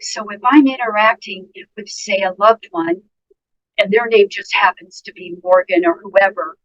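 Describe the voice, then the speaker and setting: A woman's voice: medium pitch, moderate pace, highs cut off. A woman nurse, a guest on a podcast interview, giving earnest, emphatic advice and speaking directly to listeners. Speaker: guest nurse and dementia care educator.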